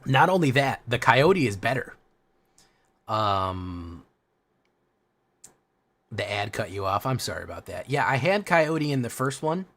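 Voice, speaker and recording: A man's voice: medium pitch, big pitch swings, a little slow, pauses often, a bit bright. A man streaming a card game, chatting casually with viewers in a rambling, profane way. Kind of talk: casual live-stream chat.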